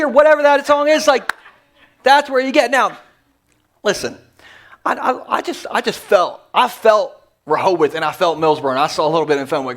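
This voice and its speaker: A male pastor preaching to a church congregation in a joking, energetic manner with quick asides. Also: sits high, slight background noise. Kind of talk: humorous sermon. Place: church sanctuary before a congregation.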